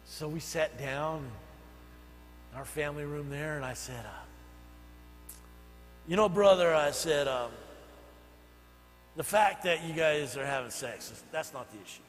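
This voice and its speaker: Older pastor guy preaching, highish voice, goes quiet then loud, echoey church w a bit of hum. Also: a little slow, pauses often. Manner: storytelling, swings from soft asides to loud emphatic bursts. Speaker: senior pastor. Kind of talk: sermon. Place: church sanctuary.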